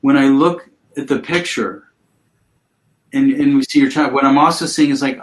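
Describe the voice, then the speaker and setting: Gentle man guiding mindfulness. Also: mid-range voice, steady tone, rough recording. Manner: slow, gentle coaching with invitations to pause. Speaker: mindfulness teacher.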